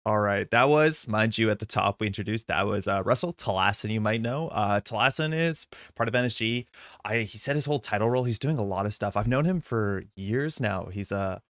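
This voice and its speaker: A man hosts a live stream and talks quickly in a relaxed, chatty way. He greets viewers in chat as he goes. His voice is close and dry, with no room sound around it. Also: fairly low pitch, dry recording. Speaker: streamer host.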